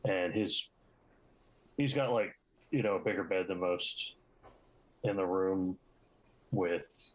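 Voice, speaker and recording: A man's voice: low-pitched, slow pace, pauses often, low-quality recording. A man playing a tabletop game, describing his character's room hesitantly with many fillers. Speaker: player.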